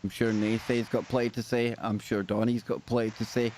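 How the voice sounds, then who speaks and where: A man's voice: mid-range voice, little pitch movement, brisk, a little mellow, slight background noise. A man with a Scottish accent hosting a live talk show, bantering in a jokey, self-deprecating way. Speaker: host. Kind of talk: casual live-show chat.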